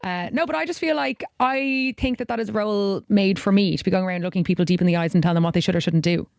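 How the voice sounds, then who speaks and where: An Irish woman co-hosting a casual podcast chat, joking in a quick, sarcastic way. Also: medium pitch, gravelly, darkish tone, no room sound, clean studio sound. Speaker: podcast co-host.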